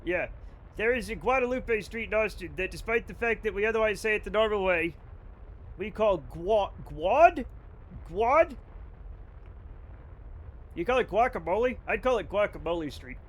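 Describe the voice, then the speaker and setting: Reading his chat aloud and riffing on it, a young man streams a game and swears freely in a casual, chatty way. His voice is high and fairly bright.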